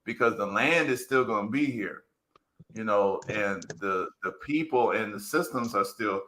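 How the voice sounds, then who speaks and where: A man's voice: on the low side, unhurried, sharp tone, a little hiss or hum. A man talking in a casual, earnest commentary, rambling and repeating words as he works through his point.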